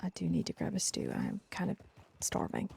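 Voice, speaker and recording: A woman's voice: lowish voice, huge pitch swings, fairly quick, gravelly, a little mellow, a little hiss or hum. A woman talking in character during a roleplay session, playful and teasing, with frequent laughter.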